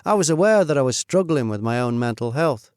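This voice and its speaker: A middle-aged man reading his own memoir in a measured, steady storytelling voice. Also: mid-range voice, clean tone, no echo, clean studio sound. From United Kingdom. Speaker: narrator. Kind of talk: first-person memoir narration.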